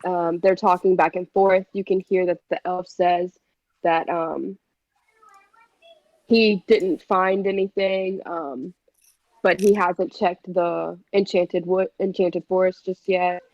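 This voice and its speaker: A woman's voice: on the low side, steady tone, slow, a little mellow, no room sound, lo-fi sound. A woman acting as game master, narrating a tabletop game with many hesitant fillers.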